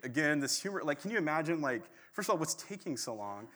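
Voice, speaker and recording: A man preaching a sermon in a casual, animated storytelling way. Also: a little high, quick pace, hardly any pauses. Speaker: pastor. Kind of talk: conversational sermon.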